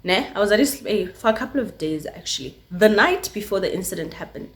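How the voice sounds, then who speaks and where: A woman's voice: mid-range voice, brisk. Chatty South African woman telling a story. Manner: chatty, lots of filler words, switches into Sesotho mid-sentence; animated storytelling with sound effects. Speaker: YouTuber. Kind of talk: casual storytime vlog.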